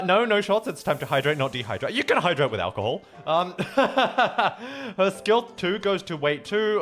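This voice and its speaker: A man's voice: high-pitched, a bit bright. A man hosting a casual game stream, chatting with viewers, joking, and reading the story dialogue aloud.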